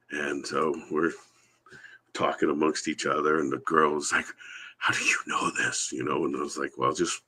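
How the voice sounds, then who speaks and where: With a very deep, sharp-toned voice, a Sasquatch researcher from Washington's Yakama Reservation tells a long, wandering story as a guest on a live podcast via remote call. He performs the voices of the people he quotes.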